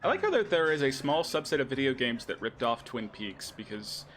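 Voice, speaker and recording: A man's voice: medium pitch, sing-song, brisk, fairly bright tone, soft background music. Sarcastic male game streamer. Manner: sarcastic, rambling asides. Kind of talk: casual let's-play commentary.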